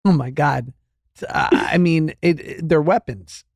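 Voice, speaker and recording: A man with a fairly high voice chats casually as a podcast co-host, riffing and joking. His voice is recorded close and dry, with no room sound. He sounds like he is in his thirties and is quick to laugh. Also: dry recording. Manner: playful, riffing, laughs easily.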